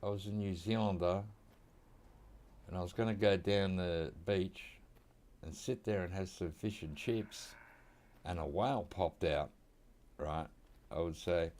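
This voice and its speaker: A man's voice: low voice, measured pace, pauses often, a little mellow. An Australian man rambling casually while he plays a hunting game, drifting into side chat. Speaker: gaming channel host. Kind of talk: casual gameplay commentary.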